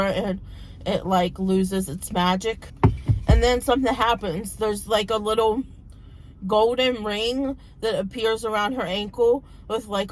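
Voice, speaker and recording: A woman in her thirties, a book vlogger, chatting casually and retelling a plot in a rambling way, her voice a little hoarse from talking so much. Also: mid-range voice, poor audio. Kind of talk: casual book vlog chat.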